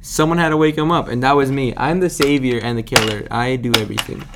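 A man's voice: mid-range voice, fast talker. A young man hosting a casual late-night chat with friends, joking, swearing and laughing as he talks. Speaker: podcast host. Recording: faint background noise.

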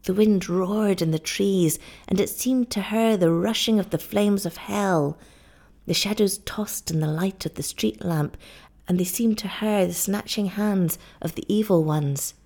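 A woman narrating an audiobook in a dramatic, expressive storytelling manner. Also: mid-range voice, measured pace.

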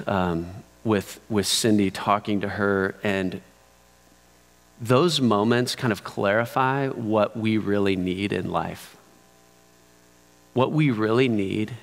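A man preaching a sermon as a pastor. He tells a story softly and then moves into animated teaching. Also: fairly low pitch. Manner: slow, soft-spoken storytelling that rises to animated teaching. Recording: long hall reverb.

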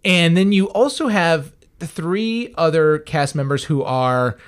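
A man's voice: on the high side, animated, measured pace, smooth. A man co-hosting a podcast, chatting casually and with lots of energy about a TV show, often restarting his sentences. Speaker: podcast co-host. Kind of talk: casual review chat.

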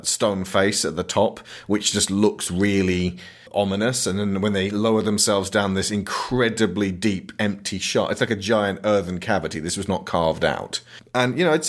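A man hosting a film podcast, retelling a movie's plot in a rambling, jokey way. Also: fairly low pitch. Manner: rambling, jokey retelling with silly put-on quotes. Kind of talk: casual film review chat.

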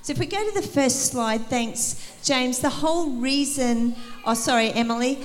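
A woman preaching an energetic sermon in a church, rallying the congregation and calling for responses. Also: sits high, moderate pace, in a large hall, a little hiss or hum. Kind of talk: sermon to a church youth service. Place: church hall.

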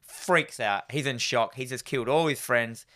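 A man's voice: medium pitch, normal speed, pushed and bright. A man co-hosting a film podcast, retelling movie scenes in casual chat and acting out the characters.

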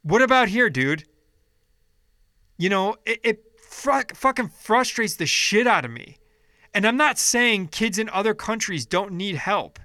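A man, upset and frustrated, rants with a high, sharp voice, full of swearing and broken-off restarts. His tone stays heated and indignant throughout. The sound is dry and close. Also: animated, measured pace, no echo. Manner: heated, profane, restarting sentences. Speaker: vlogger. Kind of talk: angry political rant.

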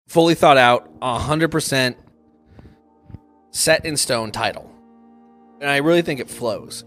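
A man's voice: medium pitch, unhurried, long pauses, fairly bright tone, soft background music. A young man co-hosting a casual podcast, goofy and joking, with hiccups. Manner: goofy, joking, laughs at own bits. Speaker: podcast co-host. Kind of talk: casual chat.

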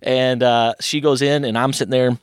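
A man's voice: medium pitch, fairly even intonation, normal speed, smooth, no room sound, studio quality. A man in his thirties from Kentucky, a podcast guest telling rambling childhood stories and animating the voices of people he quotes. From Louisville, Kentucky. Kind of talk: casual interview storytelling.

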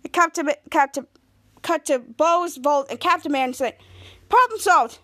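A woman with a high voice hosts a casual podcast recap, walking through scene after scene. She rambles, stumbles over her words, and loops back on herself as she goes. The delivery is loose and chatty, not scripted. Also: measured pace, a bit bright. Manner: rambling, repeats itself often, restarts sentences. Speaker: podcast host.

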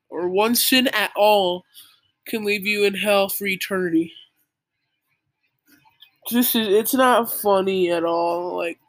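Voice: mid-range voice, a bit bright, no room sound. A young speaker in a casual, earnest monologue, lecturing the listener with many "like" fillers. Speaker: young believer giving religious advice. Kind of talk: casual preachy monologue to camera.

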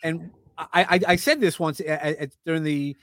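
A Brooklyn, New York man with a fairly high voice chats casually on a podcast at a normal speed. He tells stories animatedly, acting out other people's lines and restarting often. The studio recording is clean with no echo.

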